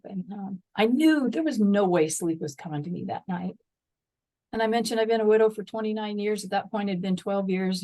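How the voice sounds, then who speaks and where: A middle-aged woman, appearing as a guest, tells an earnest, heartfelt story about loss and faith in a voice that sits a little high with a dark tone. She reads scripture aloud with real feeling. The recording quality is low.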